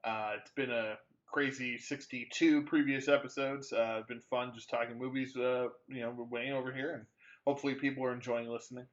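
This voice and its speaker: A man co-hosting a movie podcast speaks in a mid-range, level tone at a fairly quick pace, on dull audio. His casual movie-review chat rambles, full of fillers and restarts.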